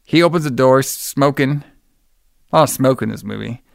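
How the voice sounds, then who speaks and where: Rambling man recapping a film, smooth and dry. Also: mid-range voice, normal speed, dry recording. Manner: rambling, lots of fillers, acts out quotes in a raised voice. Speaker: podcast host recapping a movie. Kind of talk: casual chat.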